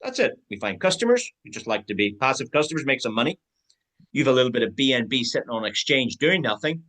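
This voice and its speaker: A man's voice: mid-range voice, sing-song, fast, fairly bright tone, rough recording. A man giving a team sales training talk, acting out both sides of example conversations.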